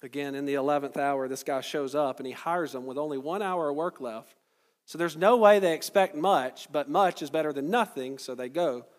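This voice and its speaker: A man's voice: a little high, normal speed. A man preaching a sermon in a conversational tone. He explains the text verse by verse and puts questions to his listeners. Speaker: pastor. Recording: long hall reverb.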